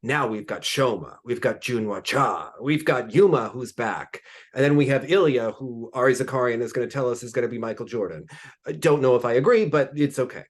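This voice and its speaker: A man co-hosting a podcast in casual chat, gossipy and sassy, with animated asides. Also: medium pitch, fairly quick. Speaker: podcast co-host.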